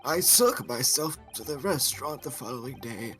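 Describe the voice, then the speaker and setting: A woman's voice: very deep voice, lively intonation, normal speed, a bit bright, faint music behind, voice pushed down. A woman doing a pompous old man. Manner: grandiose, stiff and formal wording.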